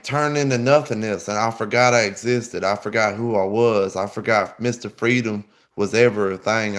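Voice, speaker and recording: A man's voice: mid-range voice, a bit bright. A man telling a long, rambling story in casual chat, full of slang and swearing. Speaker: podcast host.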